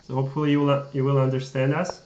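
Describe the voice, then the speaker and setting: A man with a French accent co-hosts a chess stream, laughing often and teasing his partner. His pitch is average. The audio is roomy and dull, like a lo-fi stream. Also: completely flat delivery, quick pace, darkish tone, a little hiss or hum. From France. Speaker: chess coach and co-host. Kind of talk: casual live-stream chat.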